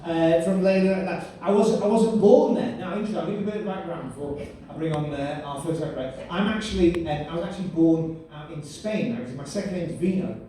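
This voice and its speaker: A man's voice: on the high side, brisk, hardly any pauses, dark tone, a little hiss or hum. A man compering a live stand-up show, chatty and quizzing the crowd. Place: comedy venue. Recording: echoey room, voice far from mic.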